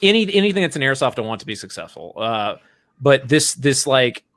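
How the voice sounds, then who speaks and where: A man hosting a podcast in casual chat, blunt and animated, who swears freely. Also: medium pitch, fairly quick, dry recording. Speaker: podcast host.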